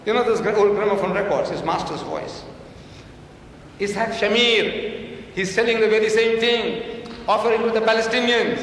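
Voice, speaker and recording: A man's voice: high-pitched, moderate pace, fairly bright tone, far from the mic, a little hiss or hum. Older man debating in an echoey hall. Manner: emphatic, quoting and mocking his opponent. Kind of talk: public debate speech. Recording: echoey hall recorded from afar.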